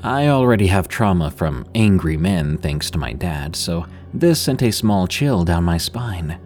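A man narrating a first-person work story in a steady, scripted storytelling delivery. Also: sits low, measured pace, faint music behind. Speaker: podcast narrator.

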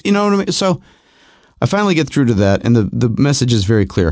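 A middle-aged man tells a personal story in a self-mocking, repetitive way. His pitch is slightly high and swings widely. The recording is dry and close, with no room sound. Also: big pitch swings, brisk, no echo.

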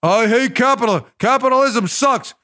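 A man's voice: very high-pitched, normal speed, pushed and bright, voice pushed up. A man doing a mocking impression of a grumbling older male politician, in an exaggerated, sneering voice.

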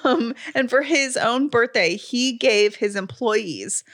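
Female co-host, young adult, pregnant, chatty storyteller, slightly high voice. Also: expressive, takes it slowly, fairly bright tone. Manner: chatty storyteller, laughs often. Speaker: podcast co-host. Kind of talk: casual chat. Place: home.

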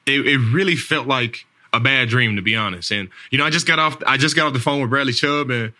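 A podcast host in his thirties, who is also an NFL player, tells a story in a rambling casual way, repeating words and saying "man" and "like" a lot. His medium-pitched voice has a sharp tone and moves fast.

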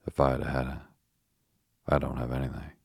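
A man's voice: rumbling low, completely flat delivery, moderate pace, creaky, a little mellow, husky, no room sound, studio quality, full character voice. A man reading as a blunt, scornful young boy. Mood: grim.

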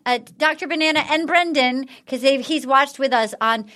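A woman hosting a podcast in casual chat, excitable and laughing often. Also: sits high, moderate pace. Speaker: podcast host.

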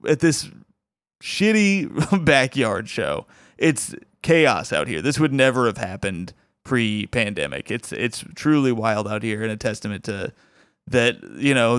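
A man's voice: mid-range voice, clear, resonant tone, no room sound, studio quality. A man hosting a comedy show, telling a funny story in a casual way, laughing as he goes and acting out quotes. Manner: laughs through his own story, acts out quotes.

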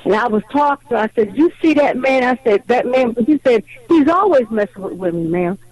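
A woman calling in to a radio show, telling a story in an animated, indignant way over a phone line. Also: a little high, fairly quick. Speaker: caller.

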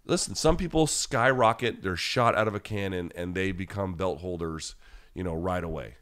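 A man's voice: low voice, normal speed, a bit bright. A man hosting a podcast live chat, answering viewers in a blunt, rambling, casual way with many restarts.

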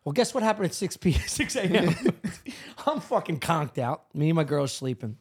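Husky high-pitched man telling a wild story. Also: normal speed. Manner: animated storyteller, swears a lot. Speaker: podcast co-host. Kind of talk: casual comedic chat.

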